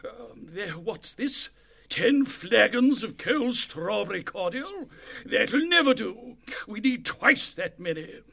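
A man's voice: sits high, sing-song, slow, gravelly, sharp tone, pitched above the performer's own voice, full character voice. A man voicing a fat, bustling and bossy male mouse cook in an audiobook. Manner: fussy, bossy. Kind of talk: audiobook reading.

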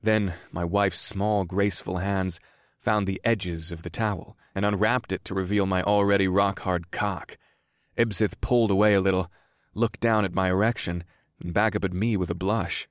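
A man narrating a first-person audiobook in a slow, measured reading. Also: low voice, steady tone, dry recording, clean studio sound.

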